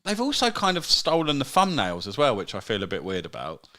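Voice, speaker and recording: Lively, bright-voiced bloke. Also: male voice, medium pitch, brisk. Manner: swears a lot, teasing, laughs often. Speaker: podcast co-host. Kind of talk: casual banter on a live podcast.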